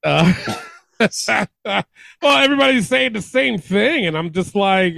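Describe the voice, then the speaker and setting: Laughing wrestling podcast host, high voice. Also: male voice, lively intonation, a little slow, vocal fry, a bit bright, no echo. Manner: reads out listener comments, laughs often. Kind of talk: casual chat.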